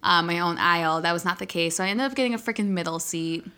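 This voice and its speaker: A woman's voice: on the low side, fast talker, clean tone. A young woman casually retelling a story to a friend, slangy and full of swearing. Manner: slangy, swears a lot, animated retelling with laughs.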